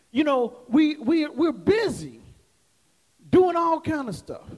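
A man's voice: high voice, darkish tone. A male pastor preaching a sermon in a church, talking to the congregation like a neighbor and calling for "amen" as he goes. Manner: conversational preaching with call-and-response asides. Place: church sanctuary. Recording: echoey hall reverb.

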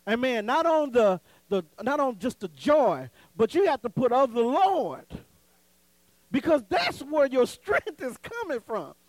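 A man with a high voice preaches in a call-and-response style, rising to loud, emphatic peaks and dropping to low, conversational asides. The sound is close and dry. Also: big pitch swings, measured pace, no echo, rough recording. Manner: call-and-response preaching, dramatic swings in pitch and volume; folksy, conversational asides with laughter. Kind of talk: sermon.

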